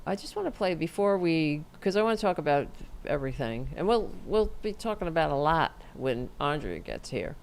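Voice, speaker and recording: Middle-aged woman host, low-pitched and very animated, sarcastic casual ranting. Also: normal speed, creaky, few pauses, a little hiss or hum. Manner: animated, sarcastic, swearing freely. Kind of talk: casual political livestream rant.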